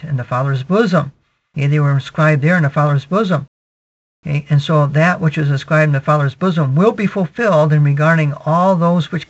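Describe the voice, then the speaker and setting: A man's voice, pitched a little higher than usual, delivers a measured sermon and works through scripture line by line. He keeps saying "okay" and repeats key phrases to drive them home. The recording sounds muffled and lo-fi. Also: creaky. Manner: measured teaching, peppered with "okay" and repetitions. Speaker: preacher. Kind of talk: sermon, verse-by-verse Bible exposition. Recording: dull lo-fi recording.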